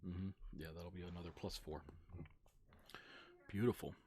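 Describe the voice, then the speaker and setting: Game master, male, very deep voice, quick with the rules, drawn-out storyteller. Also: fairly even intonation, a little mellow, slight background noise. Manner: quick rules talk, slower dramatic narration. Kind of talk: running a tabletop game on a livestream.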